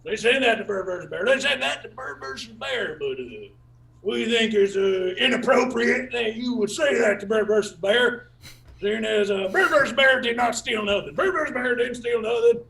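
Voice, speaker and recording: Man, open mic comic, very high pitch, gravelly fry, rambling, repetitive, halting fillers, shouted bursts. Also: distant mic, poor audio. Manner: broken folksy grammar, sudden shouted bursts. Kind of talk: absurdist stand-up character bit.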